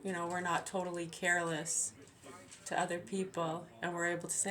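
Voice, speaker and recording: A woman with a low, deep-set voice talks on in a loose, rambling monologue. She sounds aggrieved and swears freely, circling back over her words with hesitant restarts. She is middle-aged and speaks as a mother venting. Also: level tone, a little fast, fairly bright tone.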